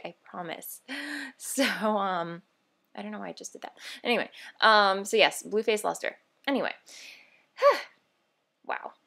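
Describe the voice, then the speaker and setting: A woman's voice: medium pitch, gravelly. A woman hosting a knitting video podcast, chatting casually and bubbly, rambling with fillers and self-corrections. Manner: bubbly and easily excited. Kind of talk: casual show-and-tell vlog.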